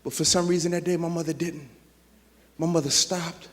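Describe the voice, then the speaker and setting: A man giving an energetic motivational speech to teachers, telling stories and getting the audience to call back. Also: a little high, moderate pace. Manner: energetic, storytelling, calls for audience response. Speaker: motivational speaker. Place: large auditorium. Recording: long hall reverb, PA system.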